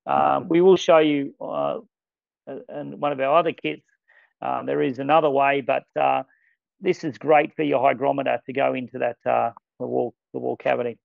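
A man running a casual product training demo, talking with enthusiasm and quick exclamations. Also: mid-range voice, flat delivery, gravelly, no echo. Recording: dull lo-fi sound.

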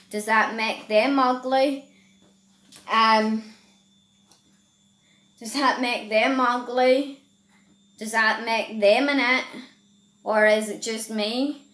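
A Northern Irish woman talking earnestly to camera in a vlog, halting and searching for her words. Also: on the high side, fairly bright tone. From Northern Ireland. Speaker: vlogger. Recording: echoey room.

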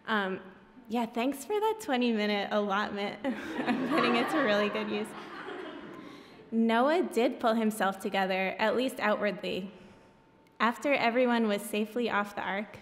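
A woman's voice: on the high side, unhurried. A woman reading her own graphic novel at a public event, breaking off for wry, self-deprecating asides. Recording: echoey hall.

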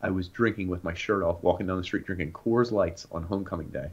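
A young man co-hosting a podcast, telling animated stories in casual chat and acting out the voices of people in them. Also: low voice, fast talker, slightly rough. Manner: animated, acts out voices in anecdotes. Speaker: podcast co-host. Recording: dull lo-fi sound.

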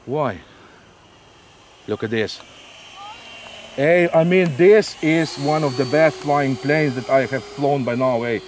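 A man's voice: mid-range voice, slow, pauses often, a little hiss or hum. A man hosting a radio-control flying video outdoors, exclaiming, repeating himself and tagging lines with "eh?" as he flies a model jet. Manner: exclaims, repeats words, tags "eh?". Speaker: RC pilot and channel host. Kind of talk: excited outdoor flying commentary. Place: open field outdoors.

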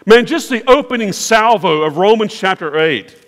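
A pastor with a high voice preaches in an emphatic, repeating cadence, stacking phrases one after another. His voice rings through a large church sanctuary with a long reverb tail. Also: expressive, moderate pace, fairly bright tone. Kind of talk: sermon.

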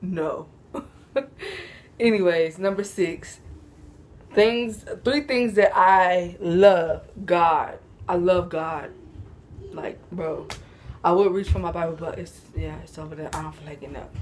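A woman's voice: fairly low pitch, slow pace, a little mellow. A young woman chatting casually at home for a vlog, sleepy and yawning, laid-back and slangy, with frequent giggles. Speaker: vlogger. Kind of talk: casual Q&A chat to camera.

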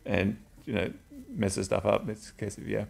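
Middle-aged man, low gravelly voice, loose rambling storyteller who swears a lot. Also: moderate pace, a little mellow. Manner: rambling, swears freely, tells bawdy anecdotes. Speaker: drinks reviewer and interviewer. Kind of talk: casual chat.

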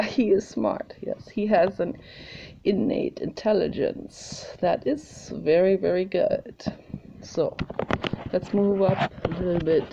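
Meandering woman host, slow and mellow, muffled home recording. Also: mid-range voice. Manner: meandering, chatty, thinks aloud. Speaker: video host showing her art. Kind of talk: casual rambling home video. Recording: slightly muffled, faint hiss.

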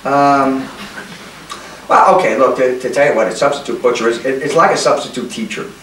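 A man's voice: medium pitch, fairly quick, a bit bright. A male comedian telling a rambling, self-mocking story, stammering and restarting as he goes. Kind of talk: comedic monologue. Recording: roomy, distant mic, faint noise.

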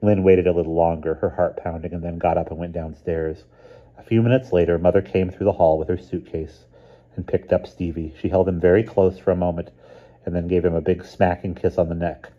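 A man reading a children's novel aloud in a calm, even narrating voice. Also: deep voice, a little fast, lo-fi sound. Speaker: reader. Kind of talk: storybook narration.

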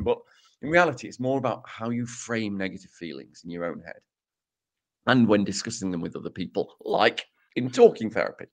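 Male podcast co-host, animated pitch, dry self-deprecating humor, casual explainer. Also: a little fast. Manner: dry self-mocking humor, lively delivery. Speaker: podcast co-host presenting research.

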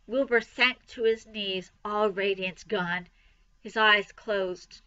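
Woman storybook reader, bright, slightly muffled recording. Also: medium pitch, slow, smooth. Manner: expressive, lively reading. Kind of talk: storybook read-aloud.

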